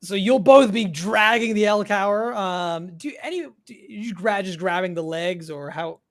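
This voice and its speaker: A man as game master, narrating a tabletop game slowly, with many pauses and fillers. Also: high voice.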